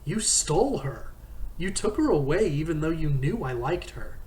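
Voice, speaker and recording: A man reading aloud and voicing an angry, bitter young man who accuses with a rumbling voice. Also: sing-song, unhurried, a little mellow, distant mic. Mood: accusing. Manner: rumbling, accusing, voice rising in anger.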